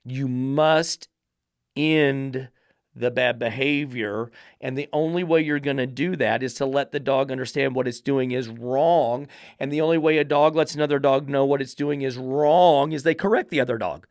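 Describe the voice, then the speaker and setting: A man's voice: mid-range voice, normal speed, clear, resonant tone, no echo, studio quality. Emphatic dog trainer host, man. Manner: preachy, repetitive rhetorical questions. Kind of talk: emphatic podcast monologue.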